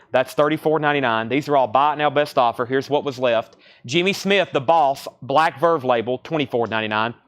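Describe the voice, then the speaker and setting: A man in his thirties hosting a live-stream record sale, rattling off bids, buyer names and record details in a quick, rambling patter. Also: fairly high pitch, fairly bright tone.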